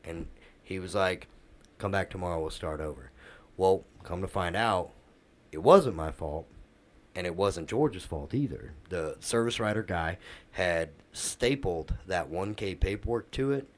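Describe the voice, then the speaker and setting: A man's voice: sits low, lively intonation, measured pace. A middle-aged man, a podcast co-host, telling a workplace story in casual chat and acting out the quoted dialogue.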